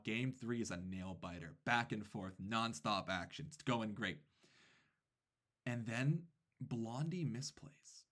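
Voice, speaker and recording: A man with a lowish voice tells a casual story about his classroom. He narrates in an animated way, with quick asides and playful imitations of the kids. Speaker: teacher telling a classroom story.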